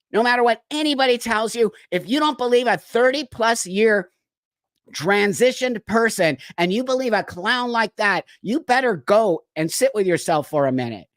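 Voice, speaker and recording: A man's voice: high voice, a bit bright, dry recording. An older man hosting a live stream, ranting angrily and bluntly with profanity and sarcastic mock quotes. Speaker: show host. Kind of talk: heated live-stream commentary.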